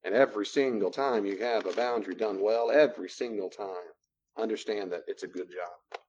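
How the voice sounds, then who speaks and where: A man's voice: on the low side, moderate pace, a little mellow, slight background noise. Man teaching a class, dull lo-fi sound. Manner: conversational, repeats phrases for emphasis. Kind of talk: classroom lecture with role-play.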